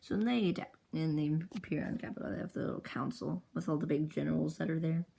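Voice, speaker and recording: A woman's voice: sits low, fast talker, vocal fry, mellow, a little hiss or hum, low-quality recording. A woman casually narrating her own comic into an iPad, rambling and chatty, poking fun at herself. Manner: rambling, chatty, self-mocking. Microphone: iPad with pop socket.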